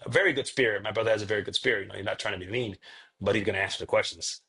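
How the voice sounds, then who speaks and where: This man, a pastor who is a guest on a podcast, recounts a story in casual conversation. His voice sits a bit low, and he brings the quoted dialogue to life as he goes. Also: racing, bright, forceful tone.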